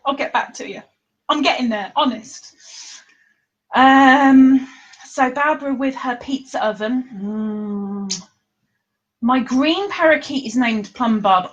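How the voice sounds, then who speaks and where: Slow-talking chatty woman. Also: high-pitched, a bit bright, poor audio. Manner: chatty, reads viewer comments aloud, laughs often. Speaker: live-stream host. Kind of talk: casual live-stream chat. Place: living room at home.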